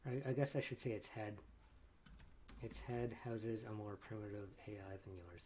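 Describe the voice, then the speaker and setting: A man's voice: fairly low pitch, steady tone, moderate pace, a little mellow, slight background noise. A man playing a text adventure game, thinking aloud in a casual way as he reads the story text out. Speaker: player reading the game aloud. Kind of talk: casual gameplay commentary.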